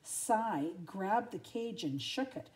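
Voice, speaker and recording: Older woman gently reading a storybook. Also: medium pitch, takes it slowly. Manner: gentle, expressive, asides to listeners. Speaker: grandmother reading aloud. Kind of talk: storybook read-aloud.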